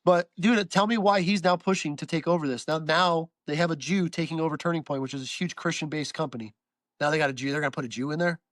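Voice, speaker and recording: A man's voice: a little high, quick pace, a bit bright, dry recording. A man ranting as a podcast guest over a video call, profane, with a stuffed-up, nasal voice. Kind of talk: casual podcast chat.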